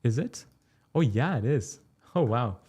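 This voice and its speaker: A young man from Turkey hosting a casual crypto livestream, reading chat questions aloud and answering them in a relaxed, chatty way. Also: mid-range voice, a little slow, husky. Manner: relaxed, chatty, explains step by step.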